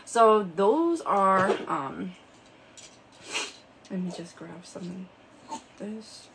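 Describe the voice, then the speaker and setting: A woman's voice: medium pitch, animated, very slow, background noise. A woman hosting a live shopping stream, chatting casually and showing products with lots of fillers, indoors under a ring light.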